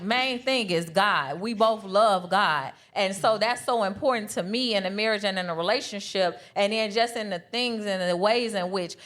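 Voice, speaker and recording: A woman's voice: medium pitch, a bit bright. A woman co-hosting a live podcast panel, telling a personal story in an earnest way and repeating her points for emphasis. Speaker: podcast co-host. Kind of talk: candid chat at a live brunch panel.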